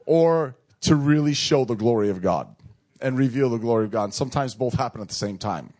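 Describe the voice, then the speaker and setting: A man preaching a sermon, emphatic and repeating phrases for effect, calling on the congregation to respond. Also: mid-range voice. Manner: calls on the crowd to respond.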